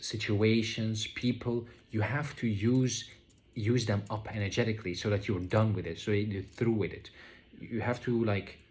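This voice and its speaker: A man talking slowly and reflectively about his spiritual experiences, pausing often and restarting his sentences. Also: on the low side. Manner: slow, searching, full of fillers and restarts. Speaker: vlogger sharing spiritual experiences. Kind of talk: reflective casual monologue.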